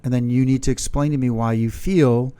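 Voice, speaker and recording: A man's voice: mid-range voice, steady tone, a little fast, dark tone, clean tone. A man co-hosting a podcast with his partner, talking earnestly about their fights and acting out both sides. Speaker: podcast co-host. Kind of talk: candid couple's chat.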